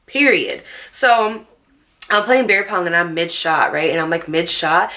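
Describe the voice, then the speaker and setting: A woman in her late twenties telling a storytime vlog to camera, animated and sassy, swearing freely. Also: on the low side, a little slow. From New Jersey. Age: late 20s. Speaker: storytime vlogger.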